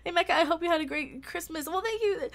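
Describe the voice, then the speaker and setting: A woman's voice: extremely high pitch, fast talker. Chatty woman hosting a livestream. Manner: chatty, thanks viewers warmly, frequent restarts. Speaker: YouTube channel host. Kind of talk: casual livestream chat.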